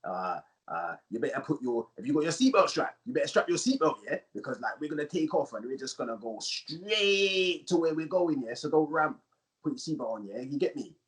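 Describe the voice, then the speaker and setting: A man's voice: a little high, big pitch swings, a little fast, fairly bright tone, pitched above the performer's own voice. A man voicing a cocky young male airline pilot who talks street slang with a swagger over the cabin speaker. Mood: bossy.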